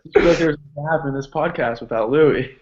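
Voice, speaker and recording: A man's voice: fairly high pitch, a little fast, noisy background. A man who is a guest on a casual podcast, talking loosely and dropping lots of "like"s, on a dull lo-fi recording. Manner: loose, filler-heavy talk with many "like"s. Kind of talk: casual chat.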